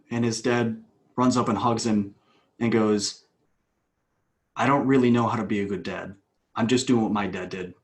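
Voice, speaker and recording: A man, a coach, telling a long story as a podcast guest, with animated bursts and hushed asides. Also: mid-range voice.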